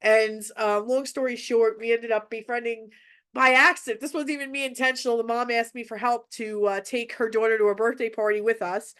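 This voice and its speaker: A woman's voice: a little high, steady tone, brisk, fairly bright tone, clean tone. A mother telling a personal parenting story in a casual, candid way, often restarting her phrases. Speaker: mother sharing parenting advice.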